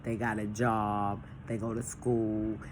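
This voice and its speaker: A woman's voice: extremely low pitch, slow pace, slight background noise. A woman from a church, talking casually and plainly, repeating her points and acting out phone calls as she explains. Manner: animated, acts out phone calls and dialogue. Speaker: church member leading a discussion. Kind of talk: casual chat.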